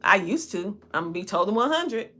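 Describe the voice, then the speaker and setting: Bright-voiced Southern woman in her forties. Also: medium pitch, very animated. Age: 40s. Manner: drawn-out, looping country twang with laughs. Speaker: podcast host and coach. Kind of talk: casual livestream talk to viewers.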